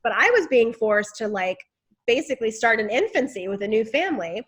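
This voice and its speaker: A woman guest in a casual interview, talking in an animated, expressive way about family life. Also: a little high, fairly quick, husky. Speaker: guest, author and speaker.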